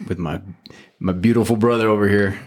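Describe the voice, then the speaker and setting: A man's voice: lowish voice, fairly even intonation, brisk. A man hosting a faith podcast, talking casually and rambling with lots of fillers and restarts. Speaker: podcast host.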